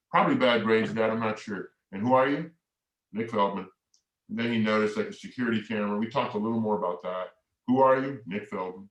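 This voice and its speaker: A middle-aged man gives a keynote talk in storytelling style, acting out both sides of remembered conversations. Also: lowish voice. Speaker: keynote speaker. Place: large hall. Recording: echoey hall, mic far off.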